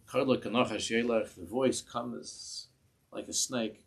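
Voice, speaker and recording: A husky, fairly low-voiced man teaches a Torah class in a synagogue. He speaks passion, circles back over his words and stretches out the phrases he quotes. His voice sits on the low side and carries a grainy, breathy edge. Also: fairly even intonation, a bit bright. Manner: impassioned, repeats and restarts words, slows on quoted phrases. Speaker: rabbi giving a Torah class.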